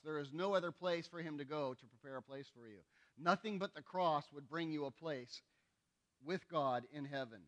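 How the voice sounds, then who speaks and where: A man's voice: a little high, sharp tone. A male pastor preaching a sermon, conversational and emphatic, often checking in with the congregation. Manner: conversational, asks the congregation for responses; emphatic repetition.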